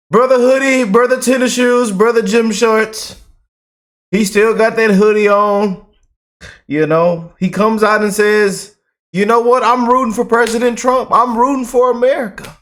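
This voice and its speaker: A man hosting a casual reaction commentary, talking in an animated, preachy way and repeating his phrases. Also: very high voice, normal speed. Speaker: commentary video host.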